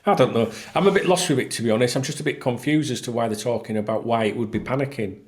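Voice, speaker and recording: A man's voice: medium pitch, very fast. A man talking casually to camera as a football fan vlogger, blunt and exasperated, swearing freely. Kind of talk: casual solo talk to camera.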